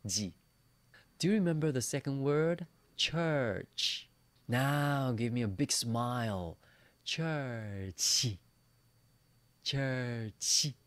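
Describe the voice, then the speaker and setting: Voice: mid-range voice, takes it slowly, no echo. A Mandarin teacher giving an online beginner lesson, playfully demonstrating sounds and asking learners to repeat after them.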